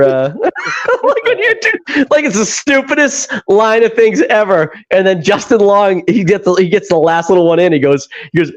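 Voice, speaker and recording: A man's voice: high voice, big pitch swings, normal speed, dull audio. A man co-hosting a casual podcast chat. He laughs a lot, swears freely and acts out movie scenes as he retells them. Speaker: podcast co-host.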